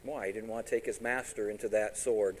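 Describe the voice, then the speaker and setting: This preacher has a lowish voice and moves fairly quickly, captured on poor audio. He tells a story in his sermon with lively energy, performing each character's dialogue and quizzing the congregation as he goes.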